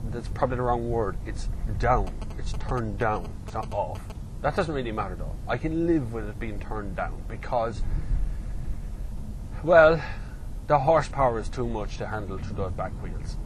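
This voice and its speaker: A man giving running commentary while driving, excitable and given to whoops and laughter. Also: medium pitch, low-quality recording. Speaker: car reviewer. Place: inside a moving car. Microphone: in-car mic while driving. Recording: loud car engine and road noise.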